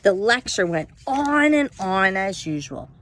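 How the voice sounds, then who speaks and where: A woman reading a children's picture book aloud at home, expressive and pausing to ask her listeners questions. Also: mid-range voice, a little hiss or hum. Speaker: storybook reader.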